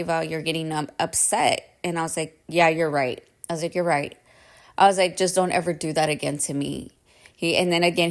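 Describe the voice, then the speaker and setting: A woman with a low-pitched voice hosts her own podcast and tells a personal story. She talks casually and chattily, and keeps checking in with her listeners as she goes. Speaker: podcast host.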